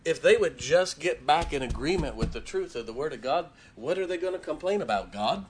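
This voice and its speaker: A man's voice: a little high, animated, a little fast, a little hiss or hum. A man preaching a sermon to a congregation, blunt and emphatic, hammering his points in short lists and often breaking into a chuckle. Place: church before a congregation.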